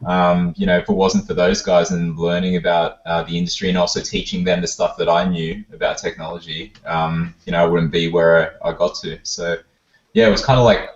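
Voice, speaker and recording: A man, a guest on a podcast, telling his story in a relaxed, casual way. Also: sits low, brisk, reverberant, dull audio. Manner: relaxed storytelling, many fillers. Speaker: podcast guest, data analytics consultant. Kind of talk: casual interview chat.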